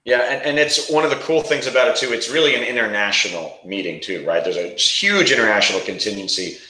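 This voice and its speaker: A man's voice: fairly low pitch, fast, sharp tone, echoey room, low-quality recording. A man hosting a casual promo chat, talking freely with frequent restarts. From New York area. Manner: chatty, restarts often. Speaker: host.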